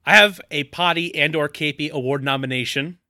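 A man's voice: a little high, a little fast, dry recording, clean studio sound. A man co-hosting a podcast, recapping a movie in casual chat and acting out characters' lines with jokes. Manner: animated, jokey, acts out quoted characters. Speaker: podcast co-host.

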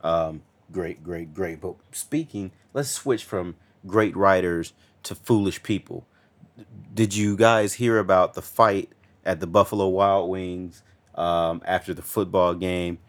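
A man's voice: low voice, slow pace. A man co-hosting a casual chat show, loose and joking, often repeating his words. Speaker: co-host.

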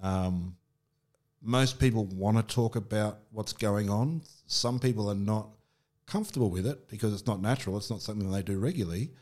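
A middle-aged man with an Australian accent speaks in a somewhat low voice. He talks candidly in a relaxed podcast chat and often restarts his sentences. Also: normal speed. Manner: candid storytelling with frequent restarts and fillers. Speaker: podcast guest. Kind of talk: casual conversation.

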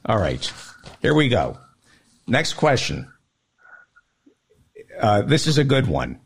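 A man's voice: medium pitch, huge pitch swings, slow pace, creaky, breathy edge. A man hosting a podcast, running a mock quiz and teasing his guest. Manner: teasing quizmaster. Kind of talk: casual podcast banter.

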